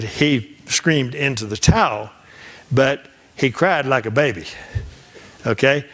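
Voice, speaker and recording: A man's voice: on the high side, fairly bright tone. An older man, a trial lawyer, teaching a seminar in a folksy, anecdotal way, acting out the dialogue of his cases and often restarting his sentences. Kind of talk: storytelling lecture.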